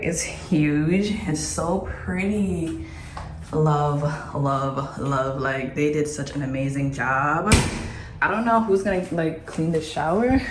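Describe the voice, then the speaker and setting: A woman giving a casual, excited tour of her new apartment, chatty and playful with slang, filming on her phone. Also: sits low, a little hiss or hum. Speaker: vlogger. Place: large empty apartment indoors. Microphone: phone held in hand. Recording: echoey empty rooms, phone mic.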